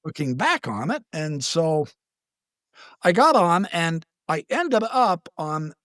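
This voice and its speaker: A middle-aged man telling his story as a guest in an interview, animated and stammering as he acts out the voices of other people. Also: fairly high pitch, slow, dry recording, studio quality.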